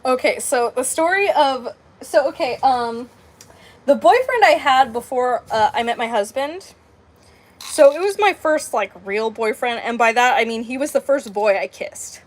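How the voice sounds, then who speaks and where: High-voiced chatty woman telling a story. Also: measured pace. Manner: rambling, heavy on "like" and "um", with animated quoted dialogue. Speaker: crafting channel host. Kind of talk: casual storytime chat.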